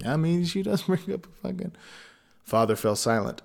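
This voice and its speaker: A man's voice: fairly high pitch, sing-song, normal speed, vocal fry, darkish tone. A man reading a fairy tale aloud, breaking off into rambling, profane comic asides. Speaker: storyteller.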